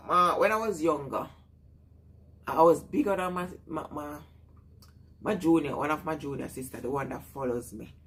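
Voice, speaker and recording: Jamaican lady on a live stream, low husky voice, just chatting away and laughing with her viewers. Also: a bit bright.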